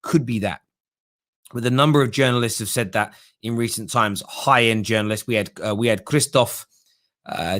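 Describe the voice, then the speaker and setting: A man's voice: mid-range voice, fairly quick, fairly bright tone. A young man hosting a football fan show, chatting casually with callers and mocking others in whiny put-on voices.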